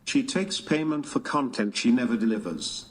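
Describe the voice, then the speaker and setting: Flat text-to-speech male voice with noise. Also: mid-range voice, normal speed. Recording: noisy readout with clicks.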